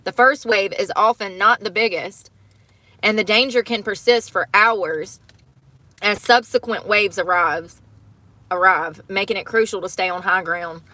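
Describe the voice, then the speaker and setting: A young woman hosts a casual livestream, reading news stories aloud and stopping to react. Her voice is bright and forward, with exclamations and nervous laughs between the lines. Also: mid-range voice, unhurried, no room sound. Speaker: livestream host.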